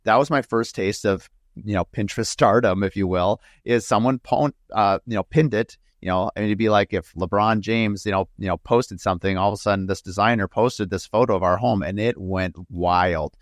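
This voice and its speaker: A home builder from the northern United States hosts an interview podcast, speaking low and fairly quickly in a casual chat. He rambles through stories packed with asides and fillers, and the recording sounds dry and close.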